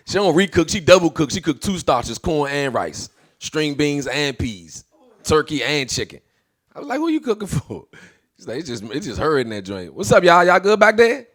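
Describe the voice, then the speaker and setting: A man's voice: fairly high pitch, fairly bright tone. A man in his thirties doing a stand-up comedy set, brash and swearing, acting out the people in his stories.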